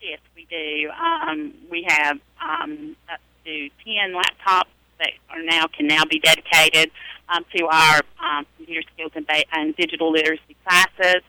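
Southern woman, bright and chatty. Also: deep voice, lively intonation, measured pace, dry recording, low-quality recording. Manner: chatty, many hesitations and fillers. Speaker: adult literacy and ESL teacher. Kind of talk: live radio interview. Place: public library.

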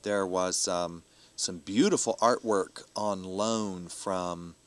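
A man's voice: deep voice, slow, fairly bright tone. A man who is a professional storyteller, talking animatedly in a casual interview, laughing often and acting out the people he quotes.

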